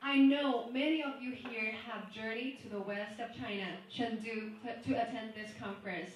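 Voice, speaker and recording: A woman's voice: a little high, fairly even intonation, normal speed, a little hiss or hum. A woman emceeing a conference, welcoming the audience in an upbeat way before introducing the speaker. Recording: echoey hall from a distant mic.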